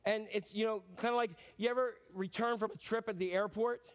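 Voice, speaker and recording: A man's voice: high voice, fairly even intonation, a little fast. A middle-aged male pastor preaching a sermon in a conversational way, repeating phrases and asking the congregation questions.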